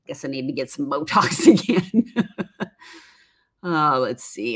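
Woman, fifties, low-pitched, chatty, laughs often, live-stream host. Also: sing-song, slow pace, fairly bright tone, breathy edge. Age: 50s. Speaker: livestream host, former makeup artist. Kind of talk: casual live-stream chat reading viewer comments.

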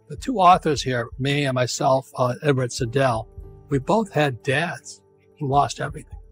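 A man in his seventies with an American accent, giving an interview in an emphatic, repetitive ranting way with frequent restarts. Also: mid-range voice. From United States. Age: 70s. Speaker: interview guest, author.

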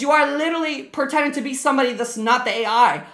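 A young woman streaming live, loud, profane and excitable, talking to her chat. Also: high voice, fast, hardly any pauses. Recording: music playing under the stream. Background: background music.

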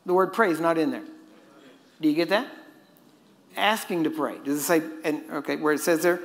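A man's voice: fairly high pitch, normal speed, creaky, long pauses. A man preaching a sermon, emphatic and constantly quizzing his listeners. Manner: emphatic, questioning the audience.

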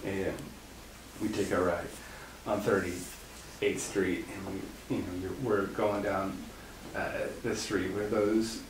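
A man guest in an interview, telling a long anecdote in a casual, animated way, laughing at his own story. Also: low-pitched, slow pace. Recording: echoey room, far from mic, faint noise.

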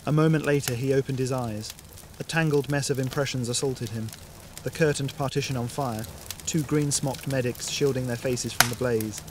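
A man reading a science fiction story aloud in a steady, even narration. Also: medium pitch, normal speed, background noise.

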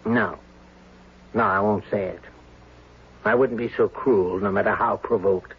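An actor playing a kindly, weary angel in a 1970s radio drama, gently ironic and theatrical. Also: male voice, lowish voice, fairly even intonation, unhurried, breathy edge. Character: kindly weary male angel, middle-aged. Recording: muffled lo-fi radio recording.

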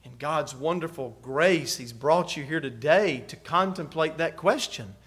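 A pastor preaches in a fairly high voice. He drops to near-quiet, then rises to loud emphasis, and keeps putting questions to his listeners. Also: lively intonation, measured pace. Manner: preacher's rhetorical questions, swings from soft to loud. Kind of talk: sermon.

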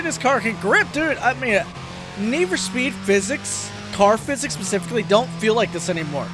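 A man hosting a let's play of a racing game, excitable, yelping and cursing at the game and joking about his own driving. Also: very high-pitched, brisk. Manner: self-deprecating joking. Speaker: gaming video host. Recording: game music behind.

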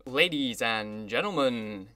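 A man reading an audiobook, voicing a jovial orchestra leader who makes a grand, slow announcement with mild condescension. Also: medium pitch, fairly bright tone, no echo, natural voice. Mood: grandiose.

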